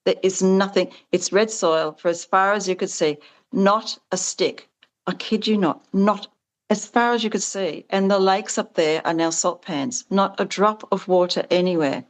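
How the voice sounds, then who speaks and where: A woman with a mid-range voice and a normal pace is being interviewed about the farming support business she founded. The exchange is conversational; she speaks earnestly and animatedly, rising sharply in pitch to act out quoted conversations.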